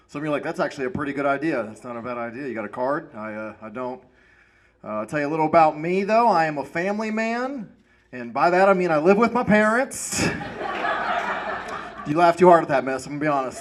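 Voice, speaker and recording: Male stand-up comic, slightly high voice, laid-back and self-mocking. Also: slight background noise. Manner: self-deprecating, laid-back stoner delivery. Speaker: stand-up comedian. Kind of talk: stand-up comedy set. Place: comedy club stage with audience.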